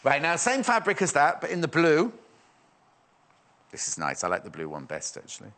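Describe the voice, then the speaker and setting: A man's voice: fairly high pitch, wildly swooping pitch, normal speed, fairly bright tone. A man presenting a shopping channel, chatty and rambling, joking and reading out viewer messages. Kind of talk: live shopping channel chat.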